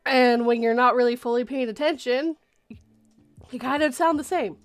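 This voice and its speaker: A woman's voice: high-pitched, normal speed, faint music behind. A woman hosting a casual chat stream, telling stories in a chatty, giggly way. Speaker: stream host.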